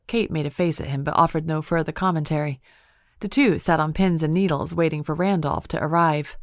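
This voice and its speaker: A woman with a low voice narrates a cozy mystery audiobook. She keeps a measured, even storytelling pace. The sound is dry and close, with no room in it. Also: dry recording. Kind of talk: scripted narration.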